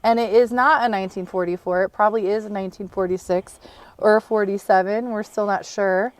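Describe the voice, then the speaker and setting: A woman co-hosting a car restoration video, chatting casually, excited and laughing often. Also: mid-range voice, a little fast. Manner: bubbly and excited, laughs often, rambling explanations. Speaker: co-host and producer of a car restoration channel. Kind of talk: casual on-camera chat.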